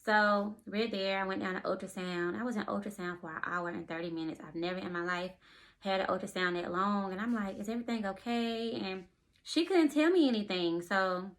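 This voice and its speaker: A woman of average pitch tells a personal story in a casual vlog. She is out of breath and animated. She slips in and out of acted-out dialogue as she retells what happened. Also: fairly quick. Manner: breathless and animated, often retelling scenes in quotes. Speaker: vlogger and expecting mother.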